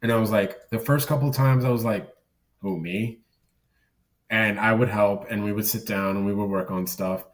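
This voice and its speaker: A man's voice: on the low side, steady tone, fairly quick, few pauses, recorded from a distance. A man who works as a circus clown, a guest on a podcast, telling stories in a rambling, self-deprecating way. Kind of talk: casual podcast conversation.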